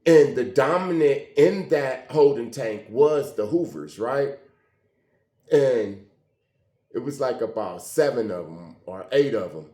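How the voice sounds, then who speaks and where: A man's voice: medium pitch, slow pace. Man telling a story in a roomy space. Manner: animated, conversational, acts out quoted dialogue. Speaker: vlogger telling a personal story. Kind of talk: emotional storytelling monologue. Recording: roomy echo.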